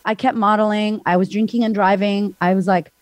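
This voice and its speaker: A woman's voice: mid-range voice, steady tone, fairly quick, no echo. Frank woman telling her story, dry sound. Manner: frank, breathless retelling full of "like", acts out voices. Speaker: podcast guest. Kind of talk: candid personal storytelling.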